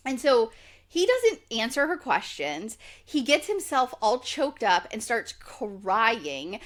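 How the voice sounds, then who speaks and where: A young woman co-hosting a podcast, chatting casually and acting out quotes in lively voices. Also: on the high side, slow pace. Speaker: podcast co-host. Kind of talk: casual chat recapping reality TV.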